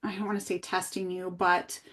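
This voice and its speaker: Woman coaching with gentle guiding questions. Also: lowish voice, little pitch movement, a little fast. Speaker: early childhood coach. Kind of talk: coaching conversation.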